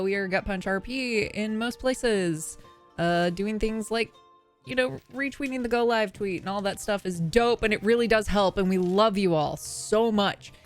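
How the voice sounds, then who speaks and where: A woman hosting a tabletop game livestream, giving casual announcements with lots of fillers and laughter. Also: on the high side. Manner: chatty, filler-heavy, laughing often. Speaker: stream host.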